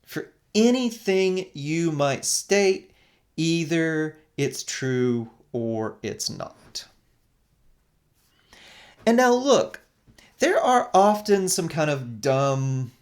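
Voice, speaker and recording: A philosophy lecturer giving an animated recorded lecture, explaining step by step and often checking in with "right?". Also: medium pitch.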